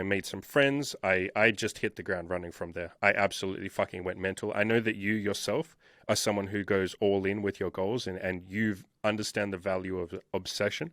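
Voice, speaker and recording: A man tells his own story candidly, blunt and emphatic, with frequent swearing. His voice sits somewhat low, and the recording is dry and close. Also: steady tone, a little fast, a bit bright, no room sound. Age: 30s. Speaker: interview guest, dating coach.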